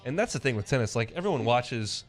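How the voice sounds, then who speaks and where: A man's voice: medium pitch, lively intonation, fast talker, soft background music. A man hosting a sports talk radio show, chatting casually and giving blunt opinions with a conversational back-and-forth.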